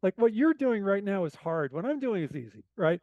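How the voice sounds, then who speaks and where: A man whose voice sounds naturally hoarse tells a rambling, self-deprecating story with lots of asides. His pitch sits a touch high for a man. The recording is dry and close. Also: big pitch swings, a little fast, darkish tone, no echo, lo-fi sound. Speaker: podcast guest. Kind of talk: casual storytelling.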